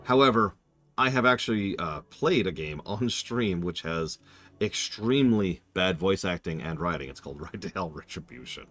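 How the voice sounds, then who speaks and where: A man's voice: sits low, lively intonation, normal speed, fairly bright tone, soft background music. A man casually commenting on a horror game during a live stream, rambling, interrupting himself and answering his chat.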